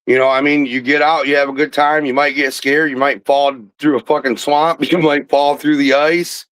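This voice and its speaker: A man's voice: fairly high pitch, flat delivery, moderate pace, a bit bright, dry recording, poor audio. A man hosting a podcast, telling a rambling, profane hunting story with laughs, in a casual chat. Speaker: podcast host.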